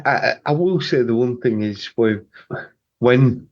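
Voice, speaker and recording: A man's voice: medium pitch, unhurried. A man co-hosting a podcast in casual chat, rambling and restarting his sentences often. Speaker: podcast co-host. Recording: dull lo-fi mic.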